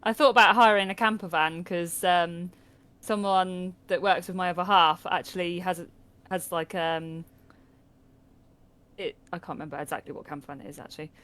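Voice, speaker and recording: A woman's voice: on the low side, fairly even intonation, moderate pace, fairly bright tone. A British woman co-hosting a casual podcast, chatting and telling stories with plenty of laughter. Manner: chatty storyteller, laughs a lot. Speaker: podcast co-host. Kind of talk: casual chat.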